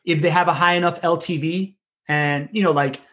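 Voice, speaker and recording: Guy chatting fast about his business, a bit high-pitched, rambly with lots of restarts. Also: fairly even intonation, pushed and bright. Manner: rapid, rambling, with casual profanity and restarts. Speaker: podcast business consultant. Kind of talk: casual conversation.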